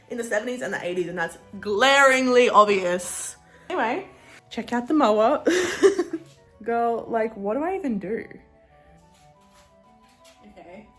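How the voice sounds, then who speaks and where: Bright, animated young woman. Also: a little high, unhurried, pauses often, faint music behind. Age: young adult. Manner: animated, profane, rambling storyteller. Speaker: vlogger. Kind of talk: casual vlog chat.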